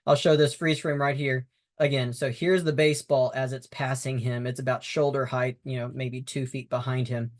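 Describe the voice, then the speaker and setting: A man's voice: medium pitch, flat delivery, normal speed. Man coaching umpires in casual talk. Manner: conversational, emphatic, with fillers and restarts. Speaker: baseball umpire instructor. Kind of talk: instructional talk over game footage.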